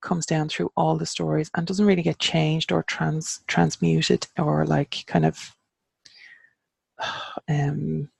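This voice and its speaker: An Irish woman teaching an online class, explaining carefully and pausing over how words are pronounced. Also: sits low, flat delivery, vocal fry, a little mellow, breathy edge, dry recording. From Ireland.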